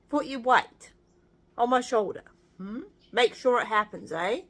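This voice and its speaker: A woman's voice: on the high side, expressive, measured pace, a bit bright. Sleepy woman cooing to her cats. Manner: cooing baby talk to cats, sleepy and amused. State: half asleep. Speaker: cat owner filming her cats. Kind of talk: casual talk to pets.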